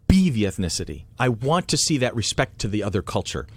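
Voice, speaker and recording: A man hosts a casual panel discussion at a convention. His pitch rises and falls with lively energy, and he often stops and restarts mid-sentence. The sound is close and dry. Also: dry recording. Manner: animated, halting with many restarts. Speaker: podcast host.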